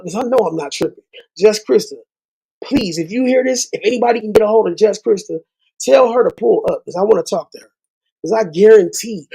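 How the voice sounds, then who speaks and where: Man, channel host, fired-up profane rant with rhymes; gravelly, husky, high for a man. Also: warm tone, rough recording. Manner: heated, profane, rhyming asides. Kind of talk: ranting monologue to viewers.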